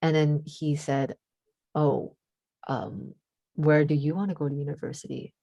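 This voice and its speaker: A teenage girl with a deep voice, chatting casually as a podcast co-host and telling a story, full of fillers and switching into Cantonese now and then. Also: flat delivery, measured pace, vocal fry, mellow, no echo, muffled recording. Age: teens. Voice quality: deep voice for a woman.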